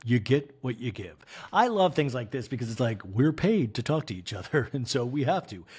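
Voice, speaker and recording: A man hosting a comedy recap podcast, his pitch bouncing widely as he riffs. He rambles from tangent to tangent, chuckling at his own jokes, in a mid-range voice. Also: normal speed, breathy edge. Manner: animated, rambling, laughing, slipping into voices. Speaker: podcast host. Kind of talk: comedic recap of a reality show.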